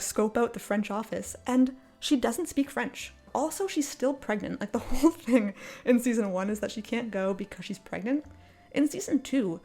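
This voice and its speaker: A woman's voice: a little high, gravelly, darkish tone. Exasperated, sarcastic woman ranting. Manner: exasperated and sarcastic, laughs often. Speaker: video creator. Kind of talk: casual commentary rant. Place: apartment, indoors. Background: faint cafe music.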